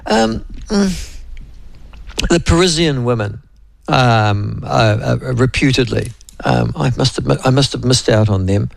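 A man's voice: medium pitch, animated, a little slow, creaky, no room sound. A man with a New Zealand accent hosting a casual talk radio show, rambling and chatty with lots of fillers. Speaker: radio host.

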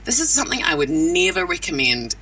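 A woman from New Zealand with a New Zealand accent, a voice actress chatting in an interview, animated and quick to laugh. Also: on the low side, gravelly, breathy edge, far from the mic, faint music behind, rough recording. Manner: animated, laughs often, self-deprecating. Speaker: voice actress guest. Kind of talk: casual interview chat.

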